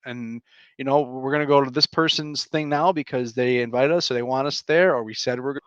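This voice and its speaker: Smooth-voiced man, jokey podcast co-host. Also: mid-range voice, fairly quick, fairly bright tone, no echo. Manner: joking, playful, then plainly explaining. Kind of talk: casual chat. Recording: slightly dull, muffled audio.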